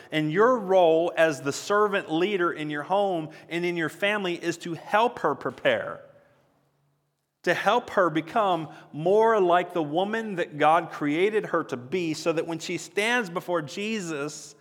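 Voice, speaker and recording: A male pastor with a somewhat high voice preaches an earnest, conversational sermon that climbs to emphatic peaks. The sound rings with the long reverb of a large hall. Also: fairly bright tone.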